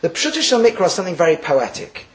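A man giving a Torah class, lively and full of restarts, acting out the people in the verses he teaches. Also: high voice, racing, low-quality recording. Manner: lively, acts out quotes, Hebrew terms mixed in, restarts.

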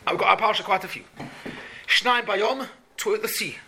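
A man's voice: high voice, moderate pace, sharp tone, a little hiss or hum. A man teaching a Talmud class to boys, asking questions and repeating his points. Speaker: Torah teacher.

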